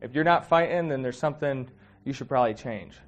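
A man's voice: mid-range voice, brisk, lo-fi sound. A man giving a casual, heartfelt sermon, talking conversationally with many fillers and getting emotional. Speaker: preacher.

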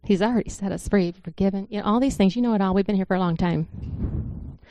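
A woman delivers an informal sermon in a relaxed, storytelling manner. Her voice is mellow and dark, and it sounds close and dry, with no room echo. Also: mid-range voice, a little fast. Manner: conversational, storytelling, earnest. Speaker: church speaker.

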